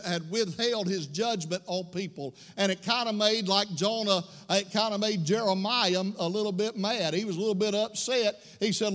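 High-voiced folksy preacher in a church. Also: male voice, fairly bright tone, big-room sound. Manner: folksy storytelling preacher, rising to fervent. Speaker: pastor. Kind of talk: sermon. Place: church sanctuary.

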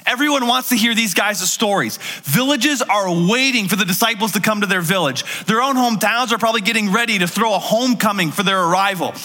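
Pastor o jasnym głosie, pogłos sali. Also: male voice, sits high, fast, hardly any pauses, big-room sound. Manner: lively conversational storytelling with acted-out quotes. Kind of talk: sermon.

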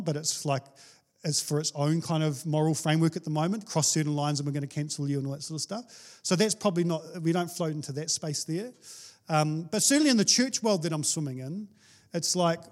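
A man. He talks candidly and conversationally, poking fun at himself as a pastor in his thirties. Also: sits high. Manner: candid, conversational preaching with laughs and self-deprecation. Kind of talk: sermon.

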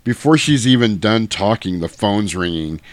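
A man's voice: lowish voice, lively intonation, dry recording. A man casually recapping a movie scene by scene on a podcast, profane and joking. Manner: profane, joking, quick to do voices.

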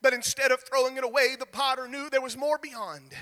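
A male pastor preaching a sermon, rising into shouted, sing-song cadences. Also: extremely high pitch, fairly even intonation, a little fast, big-room sound.

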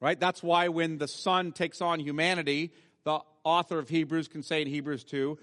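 A man preaching a sermon as pastor, reading scripture aloud and slowing down to stress key words. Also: a little high, flat delivery, fairly bright tone, big-room sound. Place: church sanctuary.

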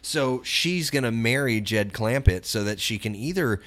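A man's voice: medium pitch, expressive, moderate pace. A middle-aged man co-hosting a podcast, chatting casually and retelling movie scenes with plenty of "you know". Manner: rambling storyteller, acts out quotes loudly. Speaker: podcast co-host.

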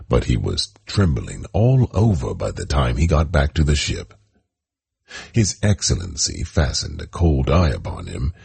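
A man reading a story aloud as an audiobook narrator, measured and expressive. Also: extremely low pitch, gravelly, husky.

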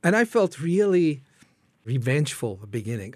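A man's voice: on the high side, expressive, normal speed, a little mellow, no room sound. A man from Iran, founder of a ministry, tells his life story as an interview guest, earnestly acting out his own prayers.

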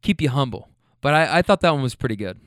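A fast-talking rideshare driver with a mid-range voice casually shares funny passenger tales, laughing and cursing along the way. The recording is studio quality with no room sound. His delivery is animated and profane.

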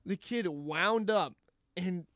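A young man co-hosting a podcast, chatting casually and acting out lively quotes as he tells a story. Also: sits high, slow pace, dry recording, clean studio sound. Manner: animated storyteller, acts out quotes with laughter. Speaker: podcast co-host. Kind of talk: casual chat.

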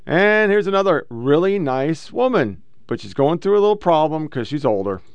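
A man's voice: on the high side, big pitch swings, moderate pace, clear, resonant tone, highs cut off. A middle-aged man hosting a casual, profane commentary show, bluntly lecturing about the clips he plays. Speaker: podcast host reacting to clips.

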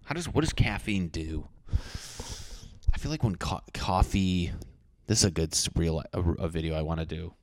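A man's voice: deep voice, moderate pace, pauses often, no room sound, clean studio sound. A man in his thirties hosting a solo podcast from his apartment, rambling, swearing and mocking himself as he jumps between topics. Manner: rambling, profane, self-mocking. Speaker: podcast host.

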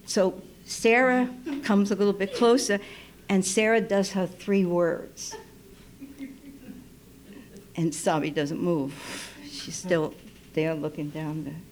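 A woman who works as a midwife, telling a personal story live in an unhurried, intimate way and dropping to a soft hush when she quotes herself. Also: fairly low pitch, fairly even intonation. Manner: unhurried, intimate, drops to soft near-whispers when quoting. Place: radio station studio. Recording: live radio broadcast, faint noise.

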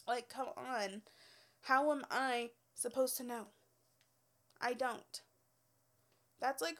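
A young woman with a slightly high voice tells stories from her hairstylist days. She is blunt and exasperated, swears freely and laughs between her points. Her delivery is casual and unscripted. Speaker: former hairstylist telling work stories. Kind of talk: casual storytelling rant.

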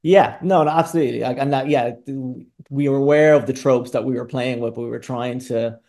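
A man's voice: mid-range voice, fairly even intonation, a little fast, a little mellow. A man being interviewed as a film director, talking in a candid, reflective and loosely rambling way. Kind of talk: casual interview talk.

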